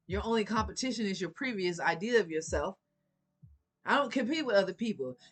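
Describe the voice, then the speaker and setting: A woman's voice: mid-range voice, fairly bright tone. A woman giving a casual motivational talk to her viewers, sassy and preachy, laughing often and swearing freely. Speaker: vlogger.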